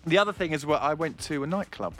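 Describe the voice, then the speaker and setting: A man's voice: quick pace, faint music behind. A man hosting a casual comedic radio chat, laughing often and slipping into put-on voices. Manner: animated, laughs a lot, jumps into high put-on voices. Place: radio studio.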